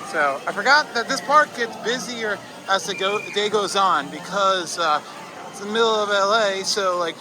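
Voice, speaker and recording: A man from the northeastern United States vlogging outdoors at a theme park, excitable and whooping through a water ride. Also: high voice. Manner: excitable, squeals and whoops on rides. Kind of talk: casual ride commentary. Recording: noisy outdoor park recording.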